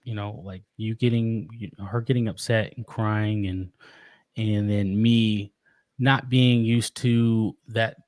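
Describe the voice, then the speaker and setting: A man talking as a podcast guest about being a father, earnest and reflective, often pausing and restarting his sentences. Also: lowish voice, steady tone, a little mellow, no room sound. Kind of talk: casual interview.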